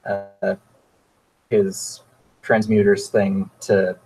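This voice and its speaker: A man's voice: fairly low pitch, steady tone, drawn-out words, darkish tone, soft background music, low-quality recording. A man playing a tabletop game, speaking hesitantly in and out of character. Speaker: player.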